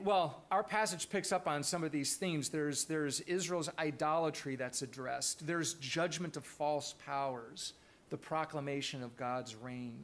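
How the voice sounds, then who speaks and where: Man preaching, slightly high voice, earnest, thoughtful, restarts phrases. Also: fairly bright tone. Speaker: pastor. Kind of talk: sermon.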